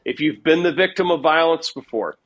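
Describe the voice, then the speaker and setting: Male interview guest, slightly high voice, rambling and animated delivery, casual. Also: brisk, dull audio. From United States. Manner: rambling, animated storyteller, heavy filler words. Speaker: guest investor.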